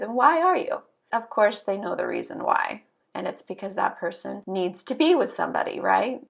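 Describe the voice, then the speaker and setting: Woman with a gravelly edge, chatty. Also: medium pitch. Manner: chatty, conversational, frequent fillers. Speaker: astrology channel host. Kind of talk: casual explanatory monologue.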